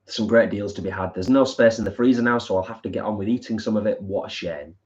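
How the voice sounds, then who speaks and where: An easygoing man with a fairly low voice chats on a home live stream. He reads out viewer comments and agrees readily, and the audio is muffled and lo-fi. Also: quick pace, darkish tone. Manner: easygoing and agreeable, with many fillers. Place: living room at home.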